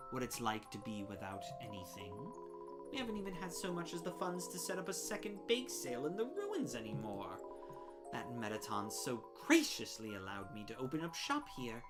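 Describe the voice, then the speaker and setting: A woman voicing a greedy spider baker woman who sweetly calls everyone dearie, with a low hushed menace under the sugar.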